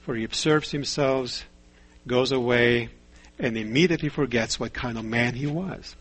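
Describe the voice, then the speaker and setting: A man preaching a sermon in a measured way, asking rhetorical questions and telling stories. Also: mid-range voice, fairly bright tone.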